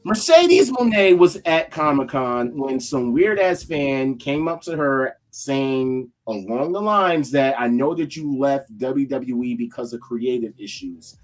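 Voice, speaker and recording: A woman co-hosting a casual podcast, her pitch swooping widely as she talks. She reacts with expressive, incredulous outbursts and swears freely. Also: unhurried, hardly any pauses, soft background music, low-quality recording. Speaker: podcast co-host.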